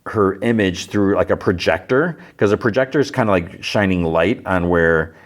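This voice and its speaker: Low-voiced man recapping an episode. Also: moderate pace. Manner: retells scenes with quoted lines, many "like"s. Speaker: podcast host. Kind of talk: casual scene-by-scene recap.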